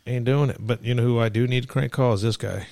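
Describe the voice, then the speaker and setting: A man's voice: mid-range voice, fairly even intonation, quick pace, creaky, darkish tone, dry recording. A man hosting a podcast, talking in loose, profane, joking banter with his friends. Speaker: podcast host. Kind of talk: casual crude banter.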